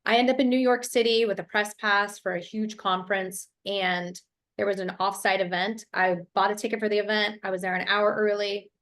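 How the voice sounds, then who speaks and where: Woman, from Ohio, business coach guest, energetic storyteller, upbeat, fluent, video-call interview. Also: medium pitch, a little fast. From Ohio, USA.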